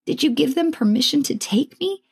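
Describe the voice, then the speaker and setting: Brief: frightened small girl, put on by a woman narrator, high and pleading. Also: animated, normal speed, gravelly. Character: frightened eight-year-old girl pleading with mother.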